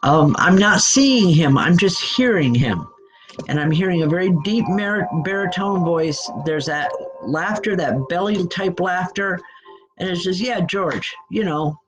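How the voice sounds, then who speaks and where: A woman medium giving a live spirit reading online. Her speech is halting and stop-start, full of restarts, as she hands on messages gently. She keeps reassuring the people she is reading for. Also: fairly low pitch, animated, music in the background, rough recording.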